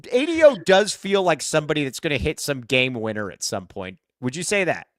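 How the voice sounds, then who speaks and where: A man's voice: on the high side, fairly quick, no room sound, studio quality. A man hosting a sports podcast, chatting casually and joking, rambling with lots of fillers. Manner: animated, jokey, rambling with many fillers. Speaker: podcast host.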